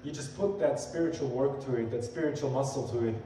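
A man's voice: medium pitch, fast, dark tone, a little hiss or hum. A male pastor giving a sermon, earnest and conversational, building emphasis as he quotes scripture. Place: church sanctuary. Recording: echoey hall, voice from far off.

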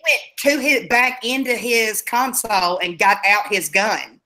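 Blunt bright-voiced woman talking casually. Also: a little high, measured pace. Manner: blunt, emphatic, swears. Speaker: podcast co-host. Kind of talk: casual chat.

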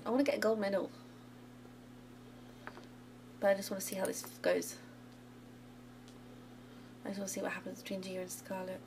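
A woman's voice: mid-range voice, flat delivery, fast talker, background noise. Chatty woman narrating a game. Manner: chatty, giggly, cheering on the game. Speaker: gaming channel host. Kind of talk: casual let's play commentary. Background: game music.

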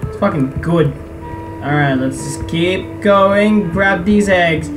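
A woman's voice: lowish voice, slow. A woman playing a farming game, casually reading characters' lines aloud and trash-talking with lots of swearing. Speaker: let's play gamer. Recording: distant mic with loud game music.

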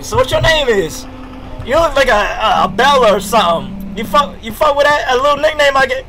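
A young man streaming a game, talking loudly and excitedly in jokey slang, swearing often and reacting out loud. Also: very high-pitched, normal speed, slight background noise. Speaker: gaming streamer. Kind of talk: live gameplay commentary.

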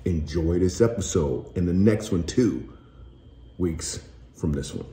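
Deep-voiced man, joking podcast host. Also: expressive, dark tone. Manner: joking, with playful dramatic pauses. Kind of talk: casual announcement to listeners. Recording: roomy echo.

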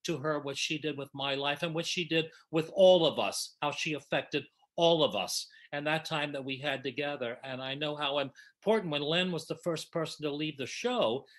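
A man's voice: a little high, normal speed, few pauses, fairly bright tone. A man in his seventies telling affectionate, emotional stories to old castmates over a video call. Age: 70s. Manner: emotional, affectionate storytelling with restarts. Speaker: original cast member at a reunion. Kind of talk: reminiscing on a video panel.

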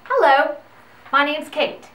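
A woman with a fairly high voice tells a Bible story to children, gentle and expressive. She sounds set back from the mic in an echoey room, with faint noise behind her. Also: slow pace, far from the mic.

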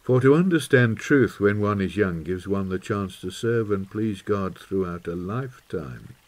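A man's voice: lowish voice, measured pace, darkish tone, lightly acted. A man voicing a sincere young forester in his twenties, in an audiobook. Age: 20s. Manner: thoughtful, sincere. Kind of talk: audiobook character voice.

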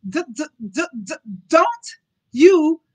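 A woman's voice: very animated, drawn-out words, a bit bright, full character voice. Woman doing a stuttering little boy. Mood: defiant. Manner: stuttering, high childish voice. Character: small stuttering boy, stubborn.

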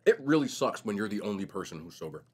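A young man vlogging casually while eating, telling stories in a slangy, animated way. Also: on the low side, quick pace, slightly rough. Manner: animated, slangy storytelling, says bro a lot. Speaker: mukbang vlogger.

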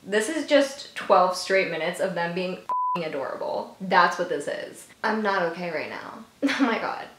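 A woman's voice: fairly low pitch, animated, moderate pace, very noisy. A woman reacting to a music video, gushing, giggling and talking to herself. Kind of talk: excitable reaction commentary. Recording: echoey room with music playing. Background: music video playing.

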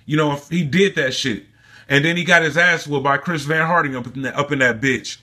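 Guy going off in a profane mocking rant, voice sits kinda high and sharp. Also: a little fast. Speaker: sports commentary vlogger. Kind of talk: casual ranting commentary.

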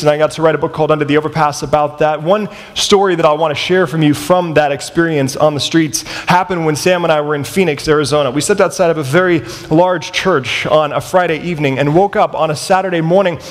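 Thirties male chapel speaker, storytelling sermon, lively delivery, long chapel-hall reverb. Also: fairly high pitch, fairly quick, few pauses. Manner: animated, acts out the dialogue in his stories. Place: large college chapel.

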